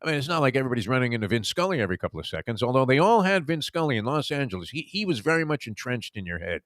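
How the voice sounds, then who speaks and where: A man's voice: mid-range voice, very animated, very fast, fairly bright tone, no room sound, studio quality. A man from Brooklyn, hosting a casual sports talk show and telling long, rambling stories. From Brooklyn, New York. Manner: rambling, reminiscing storyteller. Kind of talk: casual sports radio chat.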